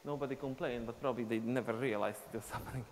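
Speaking very fast with fairly even intonation, a medium-pitched male instructor explains dance steps and counts beats out loud as he dances, teaching a live online class. He's in a dance studio, and the audio carries long reverb with faint background noise.

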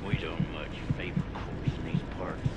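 An actor playing a sadistic police officer villain in a horror game, with a low menacing drawl. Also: male voice, little pitch movement, moderate pace, muffled recording, very noisy. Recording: game audio under loud music.

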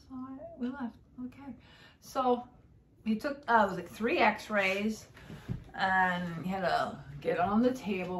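A woman from New Jersey with a Jersey accent, telling stories in a casual, animated vlog and acting out both sides of conversations. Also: mid-range voice, a little slow, reverberant, a little hiss or hum. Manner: animated, swears, acts out quoted exchanges. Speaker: vlogger. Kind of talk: casual chatty storytelling.

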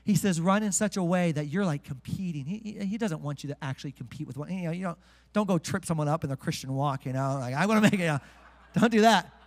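Pastor guy preaching, jokey and pumped, drags out the bible verses, big echoey church. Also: on the high side. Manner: energetic and joking, slows way down to read scripture. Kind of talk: sermon. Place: church sanctuary with congregation.

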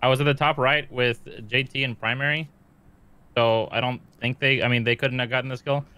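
A man's voice: mid-range voice, fairly even intonation, brisk, bright, forceful tone, clean tone. A young man in casual game chat, laid-back as he steers the discussion.

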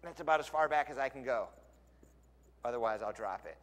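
A male pastor preaching a sermon in a lively, conversational storytelling way, in a church sanctuary. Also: mid-range voice, a little fast. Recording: long church hall reverb.

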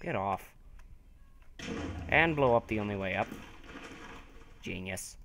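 A young man giving excited, taunting commentary over his own gameplay, talking to himself as he plays. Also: fairly low pitch, slow pace, gravelly. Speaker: gaming video host.

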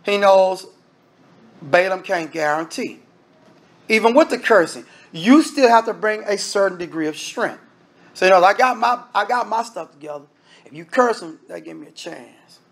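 A man's voice: sits high, animated, normal speed, gravelly, a bit bright. A man preaching a sermon in an emphatic, conversational style, speaking straight to the congregation.

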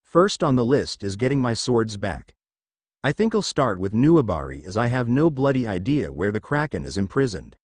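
A man voicing a brash, cocky young male ninja warrior who talks sarcastic and deadpan, in a read-aloud story. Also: medium pitch, moderate pace, husky, dry recording.

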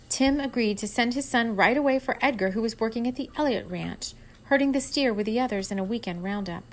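A woman calmly reading her own novel aloud in a steady storytelling voice. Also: on the high side, a little fast, poor audio. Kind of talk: storybook narration.

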